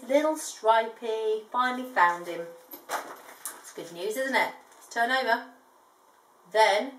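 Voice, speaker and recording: Woman reading a story to a child. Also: on the high side. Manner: gentle, chatty asides. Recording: echoey room, distant mic.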